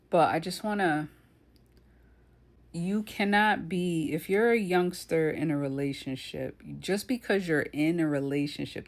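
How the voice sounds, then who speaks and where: A woman's voice: low voice, darkish tone. A woman giving casual commentary on a true crime case, with a blunt, indignant, conversational manner.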